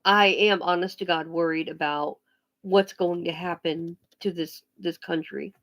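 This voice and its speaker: A woman's voice: lowish voice, fairly even intonation, fairly bright tone. A woman ranting bluntly on a casual vlog, swearing freely and often restarting her sentences. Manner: blunt, profane, emphatic; halting restarts and pauses. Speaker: vlogger.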